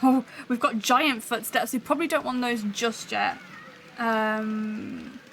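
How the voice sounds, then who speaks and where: A woman's voice: on the high side, steady tone, slow pace, a bit bright, slight background noise, rough recording. A woman hosting a livestream, chatting and thinking aloud as she builds a soundscape. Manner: chatty, musing, talks to live chat. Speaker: show host building a soundscape live.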